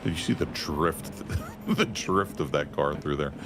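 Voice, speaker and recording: A man's voice: a bass voice, measured pace, noisy background. A man doing color commentary on a sim race, reading out lap times with teasing banter.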